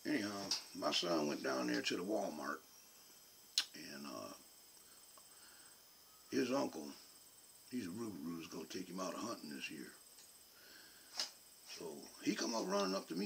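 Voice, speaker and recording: A man's voice: sits low, sing-song, unhurried, vocal fry, pauses often, fairly bright tone, a little hiss or hum. A man telling a rambling, drawling folksy story as a video host. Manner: drawling, digressive, colloquial. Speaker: YouTube host.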